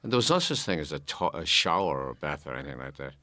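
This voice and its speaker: An older man from Ireland giving an audio commentary, halting and repeating words as he recalls his past. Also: extremely low pitch, big pitch swings, sharp tone, no room sound. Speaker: film commentator.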